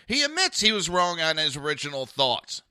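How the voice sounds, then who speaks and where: Sharp-voiced profane ranting podcast host. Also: male voice, a little high, sing-song, normal speed, clean tone, no echo, studio quality. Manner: blunt, profane and sarcastic ranting; talks to listeners in a live chat. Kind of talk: live political commentary podcast.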